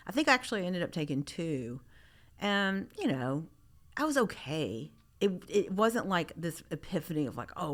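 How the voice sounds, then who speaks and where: A woman's voice: low voice, a bit bright. A middle-aged woman artist from Memphis, talking casually in an interview, rambling with many restarts. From Memphis, Tennessee. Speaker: artist guest.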